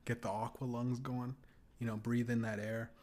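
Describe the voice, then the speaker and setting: A man's voice: medium pitch, level tone, normal speed, darkish tone. A young man hosting a podcast, telling crude, rambling stories and laughing often. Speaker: podcast host. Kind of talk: casual podcast rant.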